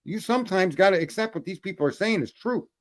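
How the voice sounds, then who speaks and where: A man's voice: sits high, expressive, fast. A man hosting a show, telling a profane story in a blunt, ranting way, often restarting his sentences and calling out to his listeners. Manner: repeats words when starting sentences. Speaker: host.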